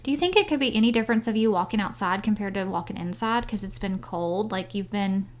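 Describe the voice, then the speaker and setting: A woman co-hosting a casual chat podcast, asking questions and gently teasing her friend. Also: mid-range voice, fast talker. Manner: supportive, asks questions, teasing. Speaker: podcast co-host.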